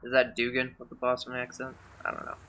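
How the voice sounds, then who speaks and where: A man's voice: medium pitch, completely flat delivery, quick pace, bright, forceful tone. A man giving casual gameplay commentary during a speedrun, chatty, sarcastic and rambling.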